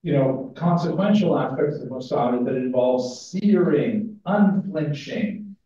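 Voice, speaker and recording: A man gives a conference talk in a relaxed, chatty way, stopping and restarting his sentences. His voice is mellow and dark. He sounds far from the mic, in a big echoing hall, with a dull sound. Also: mid-range voice, a little slow. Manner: casual, self-interrupting, with fillers. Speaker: conference speaker. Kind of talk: academic lecture with humor.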